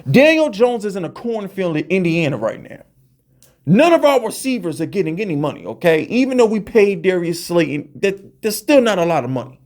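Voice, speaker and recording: A man's voice: high voice, big pitch swings, fairly quick, a little mellow. A man hosting a fan show, ranting heatedly and profanely, often stammering and repeating words as he fires questions. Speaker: podcast host.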